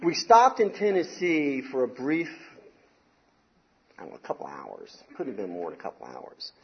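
A middle-aged man from the Southern US telling a wild story from his youth in a casual, rambling, animated way, dropping "man" and "you know" often. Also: mid-range voice, normal speed, creaky, slight background noise. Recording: slightly dull recording.

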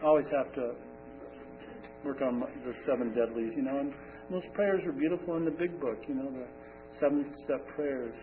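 A man's voice: mid-range voice, normal speed. A man telling his recovery story at a support meeting, rambling and conversational with many fillers. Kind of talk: personal recovery talk. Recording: distant, phone-like, faint hum.

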